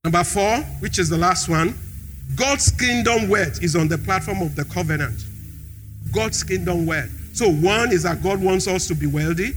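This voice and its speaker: Bright high-pitched preacher. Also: male voice, moderate pace, faint music behind, rough recording. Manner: emphatic, repeats key phrases for the congregation. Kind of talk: sermon.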